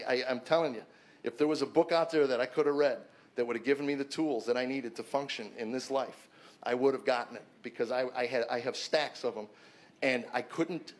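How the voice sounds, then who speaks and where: A middle-aged man, a comedian, earnestly telling a personal story to an audience in a conversational way, often restarting and repeating words. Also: medium pitch. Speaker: comedian giving a personal testimony.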